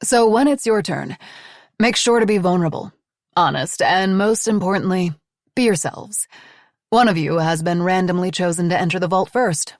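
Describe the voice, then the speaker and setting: A woman's voice: fairly low pitch, moderate pace, no echo, studio quality, lightly acted. A woman voicing a poised female hostess of a mansion, dramatic and eager to please. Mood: instructive.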